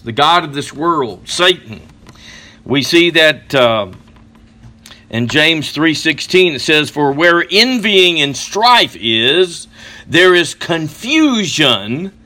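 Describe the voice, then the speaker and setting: Middle-aged man, preacher, slightly high and bright voice, halting sermon delivery full of fillers. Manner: slow, halting delivery with many fillers and restarts; reads scripture slowly with emphasis.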